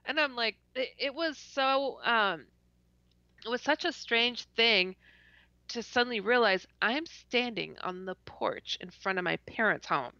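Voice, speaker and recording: A woman's voice: a little high, animated, measured pace, creaky, pushed and bright, no echo. A woman guest telling a story animatedly. She laughs often, stutters and acts out her own reactions, heard through dull lo-fi call audio. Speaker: podcast guest. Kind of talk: casual storytelling in an interview.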